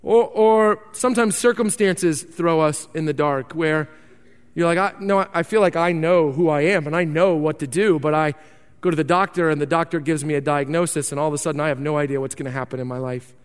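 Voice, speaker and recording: A man's voice: on the high side, brisk, clean tone. A man preaching a sermon as pastor, earnest and emphatic, often repeating words. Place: church sanctuary. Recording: long hall reverb.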